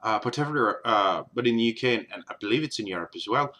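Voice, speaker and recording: A man's voice: fairly low pitch, animated, fast talker, pushed and bright. A man vlogging in a casual, rambling way, with many ums and uhs. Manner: rambling, many fillers and restarts. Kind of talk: casual vlog chat.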